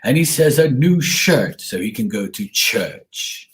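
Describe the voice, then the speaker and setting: A man putting on the voice of an older male Santa Claus from television, speaking slowly. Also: medium pitch, sing-song. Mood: jolly, drawn-out. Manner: slow, drawn-out delivery.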